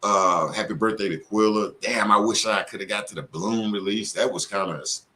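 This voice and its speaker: A man's voice: fairly low pitch, moderate pace, sharp tone. A middle-aged man hosting a casual live stream, talking in a loose, slangy, profane and rambling way.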